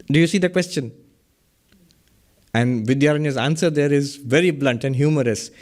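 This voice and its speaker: A man's voice: a little high, normal speed, a little mellow. A middle-aged man, teaching Vedanta philosophy in a lecture, explaining through questions and everyday examples. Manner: explains by questions and examples, chuckles at own jokes.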